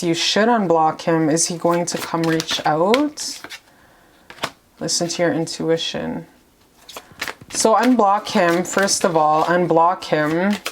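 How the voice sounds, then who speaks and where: A woman gives a casual tarot reading to the camera, rambling, gushing, and calling the viewer "baby." Her voice is lowish, picked up by the camera mic against a noisy background.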